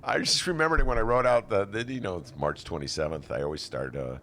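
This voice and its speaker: A man's voice: sits low, fast talker, a bit bright, slight background noise. A man hosting a podcast in loose, rambling, self-deprecating chat. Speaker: podcast host. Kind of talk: casual chat.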